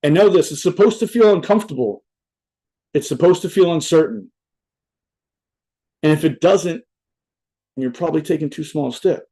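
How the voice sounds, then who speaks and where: At a normal speed, with frequent pauses, a young adult man uses a warm, slightly high voice for a relaxed motivational talk at a virtual event. Over his mic he rambles, swears, and keeps adding "right?" amid lots of filler.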